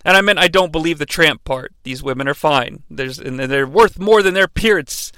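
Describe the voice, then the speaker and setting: Bright, dry-sounding man, rambling self-deprecating comic podcast host. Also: fairly high pitch, moderate pace, no room sound. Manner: rambling, self-deprecating, acts out quotes in voices. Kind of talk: comedic wrestling fantasy booking monologue.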